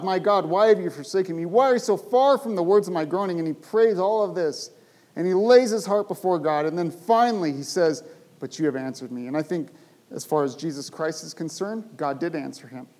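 A male pastor preaching a sermon, speaking with animated emphasis and rising to loud, emphatic bursts. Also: fairly high pitch, poor audio.

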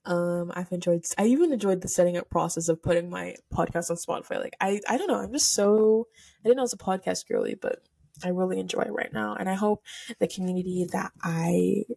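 A woman's voice: on the low side, big pitch swings, brisk, creaky, warm tone, breathy edge. A teenage girl hosting her own podcast in casual solo chat, giggly and gushing, rambling with lots of fillers and close to tears. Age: teens. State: emotional, near tears. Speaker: podcast host. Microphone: camera setup for filming.

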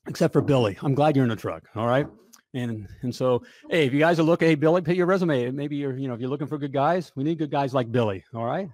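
A man coaching plumbers in a casual, joking sales pitch, often checking in with "all right?". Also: quick pace, a little mellow, no room sound. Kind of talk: casual promotional pitch to camera.

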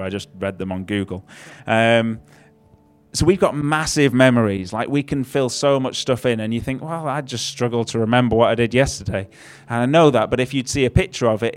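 A man's voice: medium pitch, clean tone. Male preacher, chatty sermon with dry humour, mid-range voice, faint music behind. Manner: conversational, self-deprecating, with wry asides.

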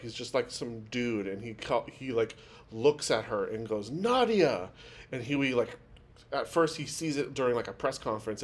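Rambling man co-hosting a podcast. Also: mid-range voice. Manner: rambling with many fillers, acts out quotes in a raised voice. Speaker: podcast co-host. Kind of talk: casual chat recapping a TV episode.

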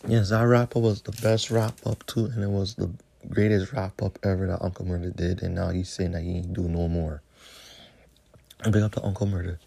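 A man's voice: deep voice, level tone, a little fast, gravelly, dark tone, breathy edge. A man hosting a podcast, ranting alone with heavy profanity and slang. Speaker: podcast host. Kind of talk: solo podcast rant.

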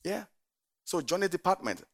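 Brief: middle-aged male pastor, bright, gravelly voice, lively preaching delivery. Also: high-pitched, normal speed. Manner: animated storytelling, often laughing. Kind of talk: sermon.

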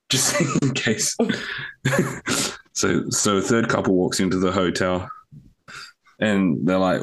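A man's voice: sits low, slow, pauses often. A young man co-hosting a podcast, telling a long joke in casual, sweary storytelling. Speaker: podcast co-host.

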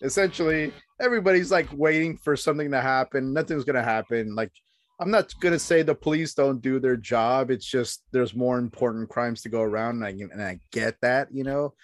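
A man's voice: mid-range voice, brisk, no room sound. A man chatting casually with a friend, swearing freely, laughing often and acting out quotes. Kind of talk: casual profane banter.

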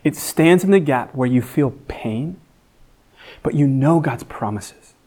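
A man giving a sermon as guest teacher, earnest, rising high and loud for emphasis and dropping soft when reflective. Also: expressive, a little slow. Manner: frequent fillers and restarts.

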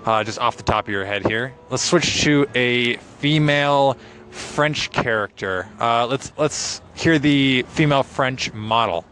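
A man co-hosting a casual podcast chat, playful and halting with fillers. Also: medium pitch, fairly bright tone, slight background noise. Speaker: podcast co-host, narrator.

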